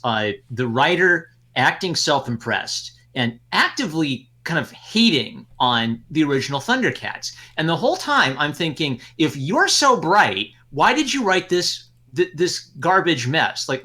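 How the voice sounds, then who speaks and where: A man hosting a podcast, chatting casually with animated, exasperated ranting. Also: medium pitch, normal speed. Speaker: podcast host. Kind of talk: casual chat.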